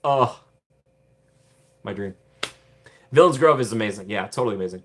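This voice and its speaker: A man's voice: on the low side, animated, normal speed, a bit bright, slight background noise. Chatty, rambling man hosting a live stream. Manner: rambling and chatty, laughs often, repeats himself. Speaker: streamer host. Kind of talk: casual live-stream chat, answering viewer comments.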